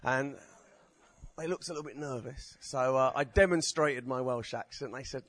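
A man's voice: medium pitch, moderate pace, fairly bright tone, no room sound. Man, stand-up poet, rambling, self-deprecating, dry sound. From Essex, England. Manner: rambling, self-mocking, chatty with the crowd. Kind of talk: stand-up comedy with poetry performance.

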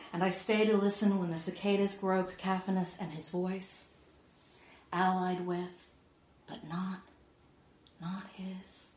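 A woman reading her own poetry aloud to an audience, measured and soft, often sinking to a hush. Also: medium pitch, steady tone, a little hiss or hum. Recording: echoey room.

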